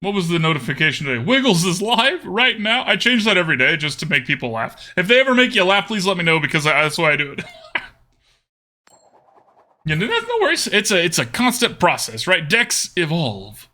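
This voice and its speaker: A man's voice: sits high, sing-song, fairly quick, sharp tone. A man streaming a card game, thinking aloud about his plays and chatting casually with viewers.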